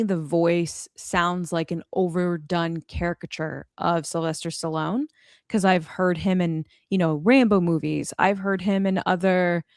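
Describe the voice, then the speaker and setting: A woman's voice: on the low side, dry recording, studio quality. A young adult woman co-hosting a podcast who chats casually and gives blunt, exasperated opinions with lots of fillers. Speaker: podcast co-host. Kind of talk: casual chat.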